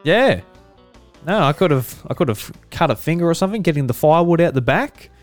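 A man's voice: fairly high pitch, animated, a little fast, soft background music. A man with an Australian accent hosting a casual podcast, laid-back and chuckling often. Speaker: podcast host.

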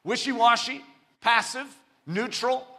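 A man's voice: very high voice, measured pace, bright, forceful tone. A man preaching a sermon, emphatic and full of rhetorical questions.

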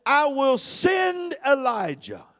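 A preacher delivers his sermon in a strikingly high man's voice. He rises into shouted, almost sung phrases and then slips into fast, conversational asides. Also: sing-song. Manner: preaching with shouted, sing-song swells and quick asides.

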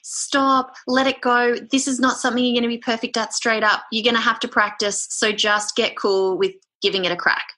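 Guest spot: chatty woman, bright and a little husky, blunt and energetic. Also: a little high, fairly quick, hardly any pauses. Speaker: podcast guest. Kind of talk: casual podcast interview.

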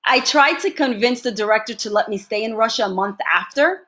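Brief: a lively actress as an interview guest, somewhat high voice, relating stories with laughs. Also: female voice, brisk. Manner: animated storyteller, laughs often. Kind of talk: casual interview conversation.

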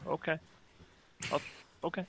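A man's voice: a little slow, a bit bright, slight background noise. A man hosting a live stream, chatting casually and joking with viewers. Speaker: stream host.

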